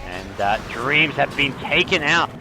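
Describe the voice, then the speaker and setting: A young man casting a video game match on his own, with a slight French accent, explaining strategy calmly and getting excited on big plays. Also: medium pitch, a little slow. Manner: analytical, rising to excited bursts on big plays. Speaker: esports caster. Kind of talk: solo game commentary.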